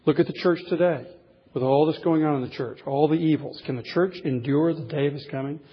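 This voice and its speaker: A man's voice: on the high side, a little fast, breathy edge, highs cut off. A man preaching a sermon as a pastor, reading scripture aloud and then explaining it with childhood stories.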